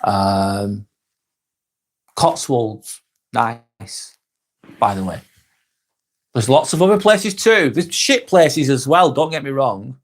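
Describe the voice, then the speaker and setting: Casting note: young British male streamer, mid-pitched voice, easygoing and chatty as he reads out comments, with lots of ums and short laughs. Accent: British English. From England. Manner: relaxed and chatty, with frequent ums and quick laughs. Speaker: live-stream host. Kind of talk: casual live-stream chat, reading comments aloud.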